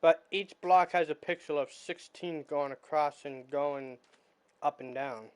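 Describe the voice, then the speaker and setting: A man streaming a building game, calmly counting blocks under his breath in casual chat. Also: on the high side, unhurried, clear, resonant tone. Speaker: streamer building pixel art.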